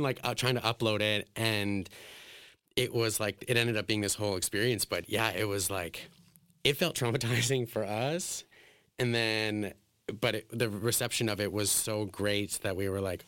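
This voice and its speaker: A man with a somewhat low voice tells stories in a relaxed interview, packing his speech with filler words and acting out quotes. He is emotional and laughs often. The sound is dry and close, with no room echo. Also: moderate pace, smooth. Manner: chatty, full of "like" fillers, acts out quotes. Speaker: drag performer and guest. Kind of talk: casual interview storytelling.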